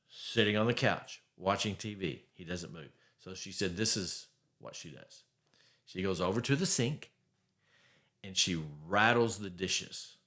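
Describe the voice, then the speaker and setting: A man's voice: fairly low pitch, measured pace, a bit bright. A man hosting a faith-based marriage podcast, talking emphatically and conversationally with the odd wry chuckle. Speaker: podcast host.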